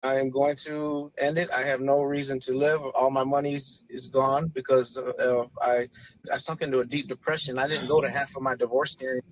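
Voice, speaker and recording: A man in his forties, a podcast guest, telling a personal story in an earnest, halting way with frequent restarts. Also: medium pitch, little pitch movement, poor audio. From Chicago area. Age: 40s. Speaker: podcast guest, former police officer. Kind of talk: personal story, casual talk.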